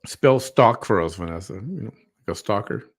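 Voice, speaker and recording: A man's voice: fairly low pitch, a little fast. A man hosting a livestream, chatting casually and dropping dry, sarcastic remarks. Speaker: livestream host. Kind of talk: casual chat.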